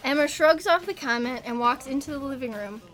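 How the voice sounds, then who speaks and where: A woman's voice: high voice, animated, fairly quick, a bit bright. A woman reading a comic story aloud to friends, giving the characters small voices and laughing often. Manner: reads with small put-on quotes, laughs often. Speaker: podcast co-host reading a story.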